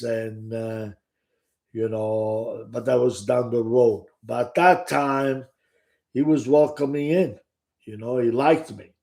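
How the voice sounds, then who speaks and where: A man's voice: mid-range voice, gravelly, warm tone. An older man from Sicily with a Sicilian Italian accent, telling his stories casually to the camera, rambling, restarting often and swearing freely. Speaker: author and storyteller. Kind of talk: casual first-person storytelling to the camera.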